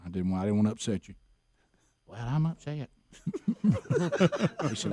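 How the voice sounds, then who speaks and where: Lively man, radio host. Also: lowish voice, moderate pace, no echo, clean studio sound. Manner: animated storyteller, laughs often, repeats "I said". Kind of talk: morning radio banter and storytelling.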